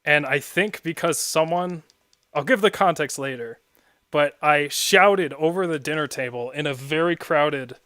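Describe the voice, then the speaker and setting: A man's voice: fairly high pitch, a little slow, a bit bright, dry recording, clean studio sound. A young man streaming and chatting casually while gaming, rambling and often laughing at his own stories.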